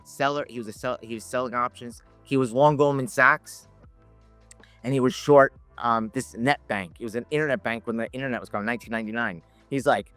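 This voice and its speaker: A man telling lively anecdotes in a casual podcast chat, laughing and acting out the people he quotes. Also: medium pitch, fairly quick, no echo, soft background music. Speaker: podcast guest, options educator. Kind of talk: casual storytelling.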